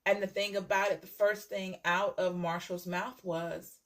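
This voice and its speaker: A woman's voice: fairly low pitch, level tone, a little slow, a bit bright. Woman, tarot reader, chatty storytelling, repeats phrases, checks in with viewers.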